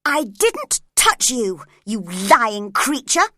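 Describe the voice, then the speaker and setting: A woman voicing a passionate, spoiled young woman who turns cross and shrill. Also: sing-song, slow, no room sound, clean studio sound, full character voice. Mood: furious. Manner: shrill and cross, rising to shouts.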